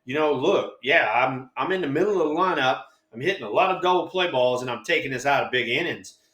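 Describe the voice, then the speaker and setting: Man in his 60s, co-host. Loud, excitable storyteller with a bright, forceful voice, roomy echo. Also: mid-range voice, a little fast. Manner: animated, profane, acts out quotes in voices. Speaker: co-host, former ballplayer. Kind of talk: casual storytelling chat.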